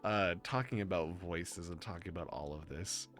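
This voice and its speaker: Bright-voiced excitable male streamer. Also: sits low, soft background music. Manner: excitable, rambling, quick to laugh. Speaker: streamer host. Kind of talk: casual stream chat.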